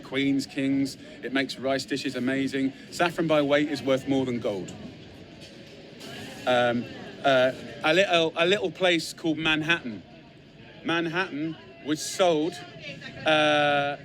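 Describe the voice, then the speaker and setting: An English man speaks straight into his phone with eager, piled-up lists and repeated phrases. His voice sits at a middling pitch, and a faint hum of traffic and shop bustle runs behind him. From England. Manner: enthusiastic, piles up emphatic lists and repeats phrases. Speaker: chef. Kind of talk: casual talk to a phone camera. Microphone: phone camera.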